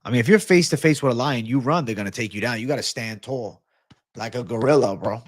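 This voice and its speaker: A young man hosting an MMA livestream, chatting casually and reading comments in a profane, excitable bro style. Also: mid-range voice, quick pace, dry recording. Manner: profane, excitable, laid-back bro talk.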